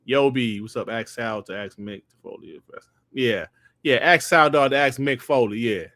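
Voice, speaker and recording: An older man hosting a casual gaming podcast, reading the live chat and trash-talking with loud, profane banter and frequent laughter. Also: mid-range voice, moderate pace, no room sound, clean studio sound.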